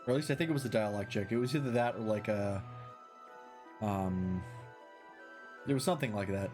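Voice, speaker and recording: A man's voice: fairly low pitch, brisk, long pauses. Man rambling over game music. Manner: chatty, rambling asides. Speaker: streamer. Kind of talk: casual gameplay commentary.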